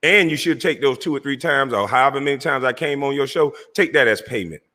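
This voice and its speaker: A man's voice: mid-range voice, fairly quick, sharp tone, in a large hall. A man hosting his own online show, ranting at a rival in a confrontational, taunting way. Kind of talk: heated livestream rant.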